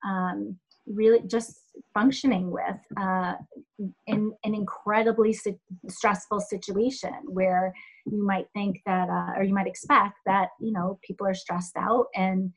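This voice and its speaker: A woman in a middle register answers interview questions as a health center leader. She speaks thoughtfully, often pausing and filling gaps as she gathers her words. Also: medium pitch, steady tone, creaky, rough recording. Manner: thoughtful, halting with many fillers.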